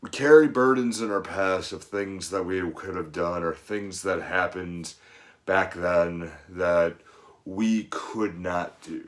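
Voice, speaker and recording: A middle-aged man, a fitness coach, giving an earnest, rambling motivational monologue full of "you know" asides. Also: low voice.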